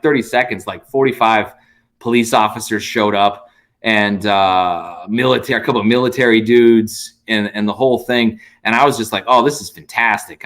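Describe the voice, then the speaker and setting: A man, a comedian guest on a podcast, telling a story in casual chat, animated and profane, acting out both sides of an exchange. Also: lowish voice. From United States.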